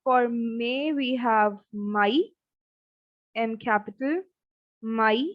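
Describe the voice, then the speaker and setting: A woman teaching a German lesson, speaking slowly and repeating each word several times. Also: fairly high pitch, no room sound. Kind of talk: online language lesson. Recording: dull, dry lo-fi sound.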